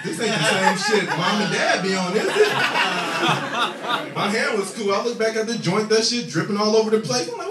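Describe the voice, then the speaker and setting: A man doing a profane, animated stand-up comedy set on a club stage, with shouted punchlines. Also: sits high. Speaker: stand-up comic. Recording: echoey club audio recorded from a distance. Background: loud crowd laughter.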